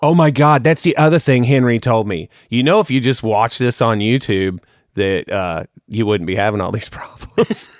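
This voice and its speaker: A man's voice: medium pitch, moderate pace, no room sound, studio quality. A man co-hosting a podcast, telling rambling, joking stories in casual chat. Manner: rambling, laughing anecdotes about his kids. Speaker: podcast co-host.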